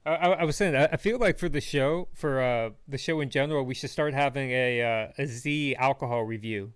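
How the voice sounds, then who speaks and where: A man's voice: mid-range voice, a little fast, clear, resonant tone, dry recording, clean studio sound. A man in casual podcast chat who teases his friends and often restarts his sentences. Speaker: podcast panelist.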